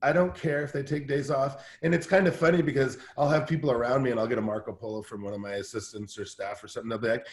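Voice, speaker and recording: Man talking shop fast, lots of restarts, mid-pitch voice, echoey room. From Southern California. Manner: energetic, fast storytelling with many restarts. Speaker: guest team-building coach. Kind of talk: casual interview talk.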